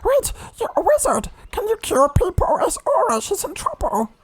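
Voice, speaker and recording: A man voicing a frantic, wide-eyed male gnome who pleads breathlessly in a squeaky high voice. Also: wildly swooping pitch, moderate pace, exaggerated voice.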